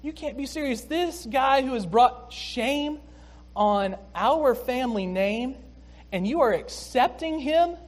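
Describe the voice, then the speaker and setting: Give me a preacher acting out a resentful young man protesting at his father, pitched up and loud. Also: normal speed, hardly any pauses. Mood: indignant. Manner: raised, protesting outburst. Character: indignant older brother, young man, resentful.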